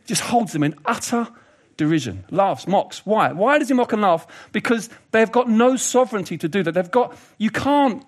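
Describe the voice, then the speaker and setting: A man delivers a sermon in an easy, conversational way. His voice sits a little high and moves a lot, rising and falling as he plays with jokes, asides and mock voices. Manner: conversational, animated, does funny voices and asides. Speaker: preacher.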